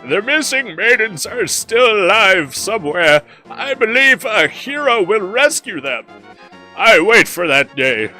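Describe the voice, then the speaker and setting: A man's voice: high voice, very animated, unhurried, bright, forceful tone, soft background music, voice pushed up, exaggerated voice. A man voicing a rambling, kindly old hermit in a shaky elderly voice while reading game dialogue aloud.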